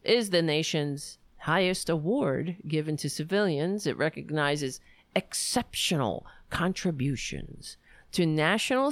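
A woman's voice: on the low side, no room sound. An American woman reading a news article aloud, breaking off with sarcastic asides and stumbling over words. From United States. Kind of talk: casual commentary reading aloud.

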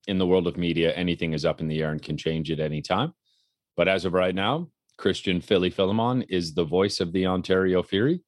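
A man with a low voice co-hosts a casual talk show as podcast co-host and color commentator, telling a story with animation and acting out the quotes. The studio-quality recording has no echo.

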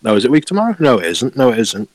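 A man's voice: mid-range voice, very animated, racing, dry recording. Chatty man on a dry podcast mic. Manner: chatty, laughs often, self-correcting. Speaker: podcast co-host. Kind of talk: casual chat.

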